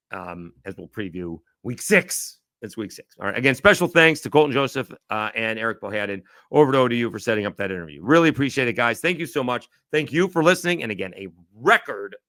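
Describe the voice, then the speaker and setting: Low-voiced, rambling sports podcast host. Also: male voice, a bit bright, no room sound, clean studio sound. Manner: rambling, self-correcting, thinking aloud. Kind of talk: casual solo sports talk.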